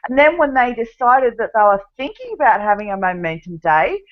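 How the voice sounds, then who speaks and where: A woman's voice: on the high side, very animated, brisk, phone-quality sound. A woman with an Australian accent, chatting animatedly as a podcast guest. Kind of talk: casual chat.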